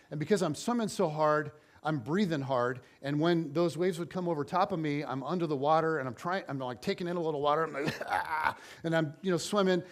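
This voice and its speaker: A middle-aged man preaching as a pastor, telling a story and acting out the voices in it. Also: a little high. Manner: animated storyteller, acts out quotes. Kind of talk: sermon storytelling.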